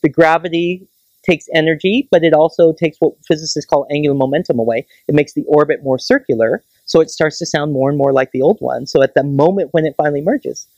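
Astronomer giving a public science talk, keen and chatty, keeps tossing in "right?", middle pitch, dry close sound. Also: a little fast, darkish tone, no echo, lo-fi sound. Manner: enthusiastic, keeps checking in with the audience with "right?"; explains in plain everyday comparisons. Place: planetarium lecture.

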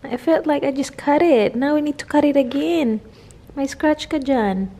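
Filipino mom at home cooing baby talk, super high voice, mellow, slow. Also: female voice. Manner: coos and chatters in baby talk. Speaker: vlogger and mother. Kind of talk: casual home vlog, mixing Tagalog and English. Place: home, indoors.

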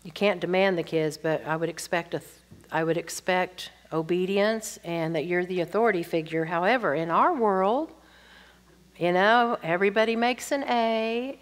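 An older woman teaching, reading audience questions aloud and answering them candidly with chatty personal stories. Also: medium pitch. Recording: long reverb from a hall.

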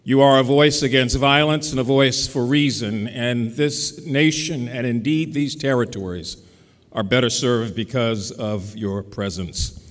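A man's voice: mid-range voice, fairly even intonation, unhurried. A man giving a keynote commencement address in a formal, oratorical style with a rhetorical cadence. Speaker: keynote speaker. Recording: reverberant ceremony venue.

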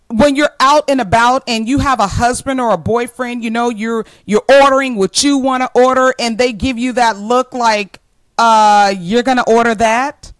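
Speaking straight to camera, this motivational speaker, a woman in her forties, addresses her audience as ladies. She's emphatic, earnest and plainspoken, driving points home by repeating key phrases, in a fairly high voice on a low-quality recording with no room sound.

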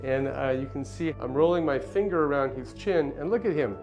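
A middle-aged male pediatrician gently explaining and demonstrating a baby-calming hold to parents. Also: mid-range voice, fairly quick. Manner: gentle, reassuring, plain explaining. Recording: faint music behind.

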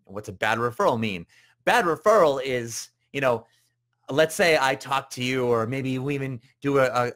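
A man hosting a live business coaching show, talking casually and rambling, with many fillers and restarts, and acting out quoted people in raised voices. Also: sharp tone. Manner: acts out quoted voices with jumps in pitch.

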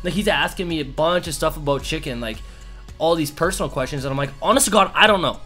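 A man's voice: fairly high pitch, quick pace, soft background music. A young man casually telling a story to camera, acting out quotes with lots of fillers. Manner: animated, acts out quotes, many fillers. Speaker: YouTuber.

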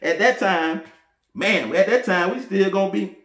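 A man rattles off boastful fan predictions in a high voice. He laughs and shouts when he gets fired up. The room around him is echoey. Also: normal speed. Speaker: sports fan vlogger. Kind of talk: casual fan commentary to camera.

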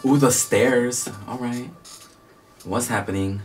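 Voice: mid-range voice, slow pace, music in the background. A vlogger reacting to a romance series, exclaiming, squealing and swearing freely while watching. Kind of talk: excited reaction commentary. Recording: distant mic.

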